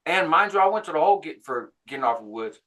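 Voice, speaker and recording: Animated man telling a prison story. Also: fast. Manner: animated, jumps higher when quoting others; laughs between phrases, frequent "right?". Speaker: channel host recounting prison life. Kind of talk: casual storytelling.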